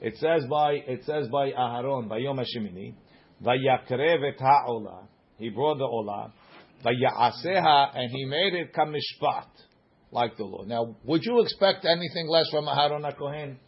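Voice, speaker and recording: Husky guy teaching talmud, singsong chant then quick english, muffled lo-fi recording. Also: mid-range voice. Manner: sing-song study chant, mixing Aramaic phrases with English. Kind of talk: Talmud class lecture.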